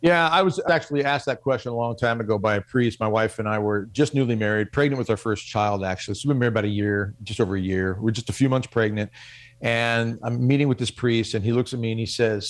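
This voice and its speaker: A man's voice: on the low side, fast. Man telling a self-mocking story. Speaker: guest speaker on spiritual life. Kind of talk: storytelling testimony on radio.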